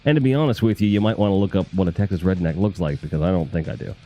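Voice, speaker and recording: A man's voice: low-pitched, very fast, dark tone, soft background music. A man from the Northeast US, hosting a casual live stream, reading chat comments in a rambling, profane, jokey way.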